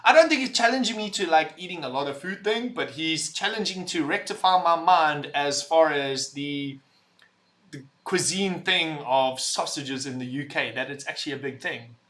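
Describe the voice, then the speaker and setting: A young man hosting a casual livestream, reading chat messages aloud, loud and rambling, laughing and swearing as he talks. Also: a little high, moderate pace. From visitor to the UK.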